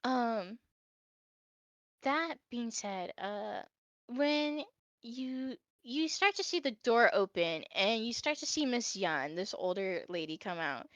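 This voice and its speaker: A woman's voice: fairly high pitch, animated, takes it slowly, dry recording. A woman narrating as game master of a tabletop game, with many ums and uhs. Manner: hesitant, filler-heavy narration.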